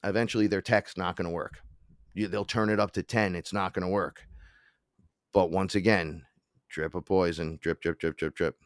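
A man, a podcast guest telling animated, profane stories and acting out the quotes. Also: sits low, no echo, studio quality. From Bronx, New York. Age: 40s. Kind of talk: casual storytelling.

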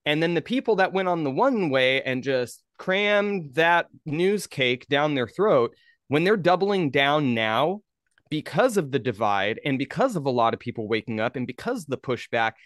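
A man's voice: a little high, very animated, normal speed, fairly bright tone, dry recording, studio quality. A man in casual podcast chat, talking emphatically and swearing. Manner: emphatic, profane.

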